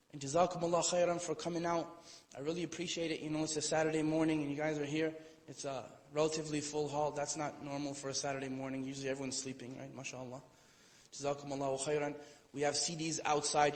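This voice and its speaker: A man's voice: a little high, little pitch movement, quick pace. Man preaching in a reverberant hall. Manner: conversational, playful asides, acts out quotes. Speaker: Islamic lecturer. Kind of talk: storytelling sermon. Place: hall with audience.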